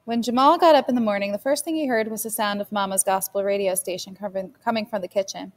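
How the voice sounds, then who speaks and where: A woman teacher reading a novel chapter aloud for her class in a steady storytelling manner. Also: medium pitch, fast. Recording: long reverb.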